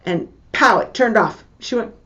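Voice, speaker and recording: An older woman giving a lesson with personal stories, talking in a slow, measured way and repeating her key points. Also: on the high side, animated, fairly bright tone, muffled recording. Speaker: teacher.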